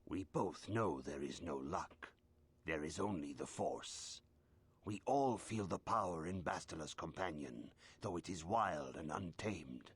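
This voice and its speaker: Deep solemn Jedi council master. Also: male voice, animated. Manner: measured, solemn. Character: calm older male Jedi council master. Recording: game audio with music.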